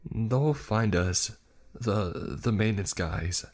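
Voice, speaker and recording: A man's voice: low voice, slow pace, breathy edge, faint music behind, heavily acted. A man voicing a nervous, apologetic man who feels sick while stuck in an elevator. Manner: meek, apologetic, stammering.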